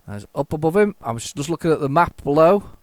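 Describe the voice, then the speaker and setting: A man's voice: on the high side, animated, fast talker, a little mellow, no room sound. Rambling man playing retro games. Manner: rambling, chatty, lots of fillers and restarts. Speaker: retro gaming video host. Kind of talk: casual gameplay commentary.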